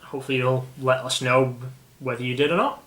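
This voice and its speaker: Man, British accent, casual host, rambling, frequent restarts, mid pitch, echoey room. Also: fairly even intonation, brisk, fairly bright tone. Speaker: channel host. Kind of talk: casual chat about a card game.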